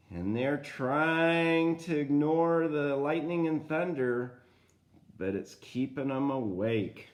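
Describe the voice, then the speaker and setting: An older man reading a children's storybook aloud in a gentle way, stopping to talk to young listeners. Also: a little high. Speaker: grandfather reading a picture book aloud.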